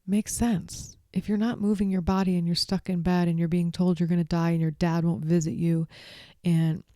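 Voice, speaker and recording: A woman talking casually about a book in a chatty, expressive way, with frequent asides. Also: fairly low pitch, moderate pace, dry recording, studio quality. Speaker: vlogger.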